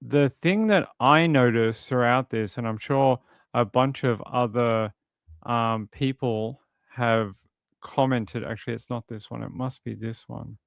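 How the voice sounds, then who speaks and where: A man talks through a case in casual livestream commentary, rambling a little and reading out viewers' comments. His voice is smooth and clear. It is recorded close and dry, with no room sound. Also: medium pitch, measured pace, dry recording. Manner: conversational, rambling, reads out chat comments. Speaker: true crime streamer.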